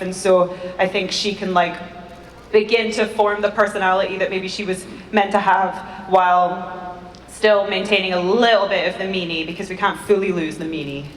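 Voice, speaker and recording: A woman's voice: mid-range voice, a little hiss or hum. Chatty woman in an echoey hall. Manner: casual, chatty. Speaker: actress on a convention panel. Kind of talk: panel talk. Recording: echoey hall recorded from far off.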